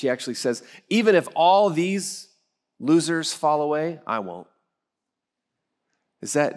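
Conversational middle-aged male pastor preaching. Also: fairly low pitch. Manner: conversational storytelling, asks the congregation questions. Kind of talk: sermon. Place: church sanctuary.

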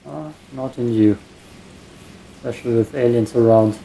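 A man's voice: medium pitch, steady tone, moderate pace, gravelly, dark tone, a little hiss or hum. A man giving casual let's play commentary while gaming, with meandering mumbled asides. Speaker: gaming streamer.

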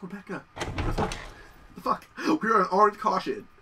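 A man commenting on a video game as he plays, excitable and cursing, yelling at his partner in the game and talking himself through each step. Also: high-pitched, moderate pace, distant mic, noisy background. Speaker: gameplay commentator. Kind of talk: let's play commentary. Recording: voice a bit off-mic, loud game music behind. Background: video game music.

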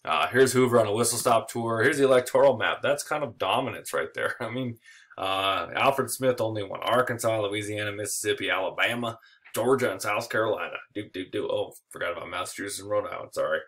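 A man's voice: on the low side, a little fast, fairly bright tone. A man giving an informal history lecture, casual and joking, with filler words and small chuckles. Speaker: history teacher.

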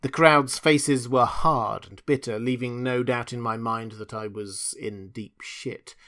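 A man's voice: mid-range voice, steady tone, measured pace, a bit bright. A man reading a novel aloud in first person as an audiobook narrator. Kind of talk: scripted narration.

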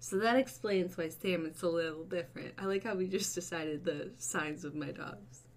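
A woman hosting a casual livestream, chatting with her viewers, swearing and breaking into bursts of excited shouting. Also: fairly low pitch, normal speed, slight background noise. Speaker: livestream host.

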